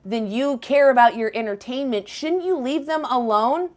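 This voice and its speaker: A woman's voice: high voice, moderate pace, darkish tone. Confrontational woman livestream host. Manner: confrontational, scolding, swears. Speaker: livestream host debating callers. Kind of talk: heated live debate.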